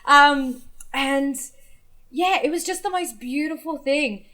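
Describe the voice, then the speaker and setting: Animated woman gushing as podcast co-host. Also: sits high, slow pace, poor audio. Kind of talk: casual podcast recap.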